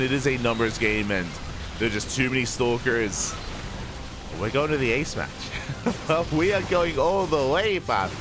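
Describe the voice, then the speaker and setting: A young man doing live play-by-play commentary on a strategy video game, sleepy and slightly slurred, excitable during fights. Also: medium pitch. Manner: excitable, drowsy between fights. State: just woke up, slurring. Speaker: esports caster.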